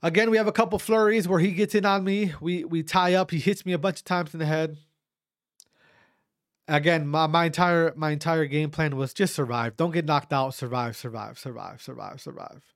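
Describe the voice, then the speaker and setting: A man with a fairly high voice tells a story about his fight in a loose, animated way, tripping over his words and starting sentences over. He swears casually and acts out the voices of people in the story. The recording is dry and close, with no room sound. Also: moderate pace, no echo. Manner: animated, frequent restarts and stammers, acts out quotes. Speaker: amateur fighter recounting a bout.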